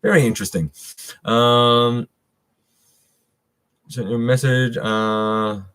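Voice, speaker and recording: A man's voice: medium pitch, fairly even intonation, slow pace, a bit bright, clear, resonant tone. A middle-aged man hosting a casual live stream, chatting loosely with viewers and reading their comments, with many fillers and restarts.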